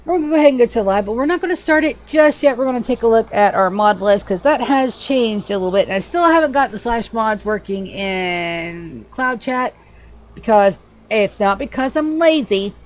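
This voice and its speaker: A woman streaming a game live from home, chatting casually in a loose, profane, animated way at a desk microphone. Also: on the high side, normal speed. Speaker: livestreamer. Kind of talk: casual gaming livestream chat.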